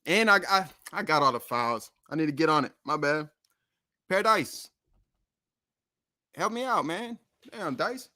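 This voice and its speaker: A man's voice: a little high, lively intonation, normal speed, pauses often, sharp tone. A man hosting a casual music livestream, talking in a loose, rambling way with swearing and frequent self-corrections. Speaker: streaming show host and rapper.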